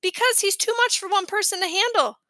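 A woman's voice: very high voice, fairly quick, bright, forceful tone, dry recording, pitched above the performer's own voice. A woman reading aloud, voicing a sulky, sarcastic preteen older brother in a storybook. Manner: sarcastic, grumbling.

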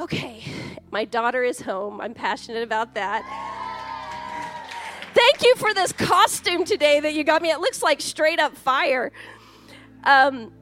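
A woman pastor in her forties preaches in a church with a very high voice. Her tone is bright and forceful, and she keeps it chatty and full of jokes. Soft music plays faintly behind her. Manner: lively, chatty and joking. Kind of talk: sermon.

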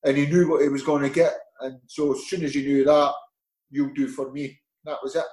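A middle-aged man with a Scottish accent, a former footballer telling animated anecdotes in an interview, acting out the voices in them. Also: mid-range voice, brisk, echoey room, low-quality recording. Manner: lively, animated storyteller acting out dialogue. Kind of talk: anecdotal storytelling.

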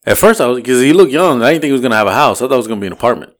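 A man's voice: mid-range voice, racing. Man, podcast co-host, loose casual storyteller who acts out every voice. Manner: animated, swearing, acts out voices in his story.

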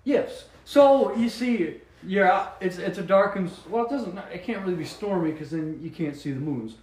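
A man's voice: high voice, normal speed, echoey room, low-quality recording. Man rambling through absurd explanations. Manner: rambling deadpan absurd explanations, laughs at own jokes. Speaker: podcast co-host. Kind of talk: joking casual chat.

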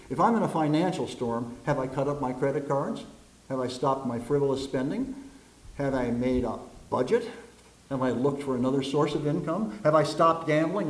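A man's voice: mid-range voice, a little mellow. A man preaching a sermon, telling jokes and stories and acting out the voices in them. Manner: folksy storyteller, acts out voices in jokes. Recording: echoey room.

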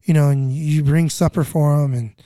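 Dark-voiced rambling man telling a story. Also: a little high, fairly even intonation, normal speed, no room sound, studio quality. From California. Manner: rambling, repeats words, quotes people in put-on voices. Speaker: guest recounting flood relief work. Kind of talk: casual storytelling chat.

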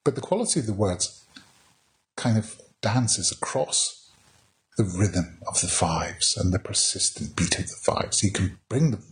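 A man's voice: on the low side, lively intonation, unhurried. A man teaching a casual poetry lesson, chatty and wry, with many restarts as he reads verse aloud. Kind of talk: informal spoken lesson on poetry.

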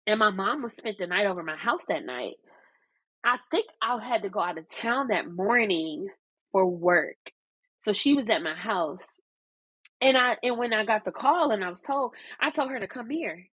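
A woman's voice: mid-range voice, animated, normal speed, fairly bright tone, slightly rough, dry recording, rough recording. A woman co-hosting a podcast, telling personal stories in a candid, heartfelt casual chat, full of fillers like "um" and "like". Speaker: podcast co-host.

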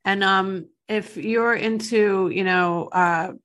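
A woman's voice: mid-range voice, fairly even intonation, takes it slowly, fairly bright tone. A woman hosting a podcast, talking in a fervent, emotional and emphatic way. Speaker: podcast host. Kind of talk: casual chat.

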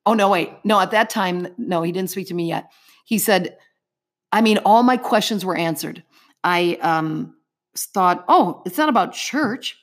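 A woman's voice: lowish voice, measured pace. A middle-aged woman giving an earnest personal faith testimony as an interview guest, telling her story vividly in the present tense.

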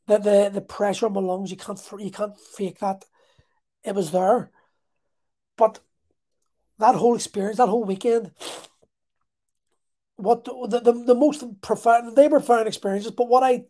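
Warm-voiced man telling an emotional story. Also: high voice. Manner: emotional, halting, repeats words. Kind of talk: personal storytelling.

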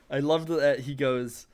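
A man's voice: medium pitch, slow pace, slight background noise. Man, podcast co-host, chatty, does little voices for quotes. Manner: animated, acts out quoted lines. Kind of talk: casual film review chat.

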